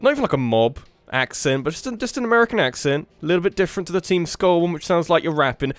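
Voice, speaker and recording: A man hosting a let's play, giving rambling, animated gameplay commentary with frequent restarts. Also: on the high side, rapid-fire, few pauses, no room sound. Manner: animated, rambling, self-interrupting.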